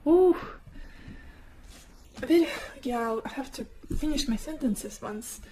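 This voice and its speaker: A woman giving a gentle, emotive tarot card reading, whose first language is not English and who often drops into a near whisper. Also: sits high, expressive, slow, background noise. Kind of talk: soft-spoken pick-a-card tarot reading.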